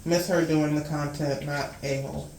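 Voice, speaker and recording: A woman co-hosting a casual talk show, calmly reading viewer comments aloud with soft-spoken asides. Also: low-pitched, normal speed. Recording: echoey room with faint noise.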